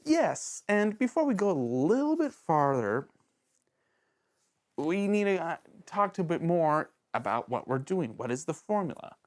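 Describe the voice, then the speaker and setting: A man hosting a casual video review show, talking in an animated, jokey way that rambles and interrupts itself, with sudden jumps in pitch. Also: a little slow. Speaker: host of a villain-ranking show.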